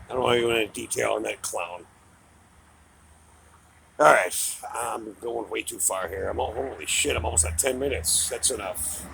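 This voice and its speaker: A man's voice: fairly low pitch, normal speed, creaky, a bit bright, a little hiss or hum, low-quality recording. A middle-aged man giving a heated, profane political rant, mocking and angry. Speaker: political commentator.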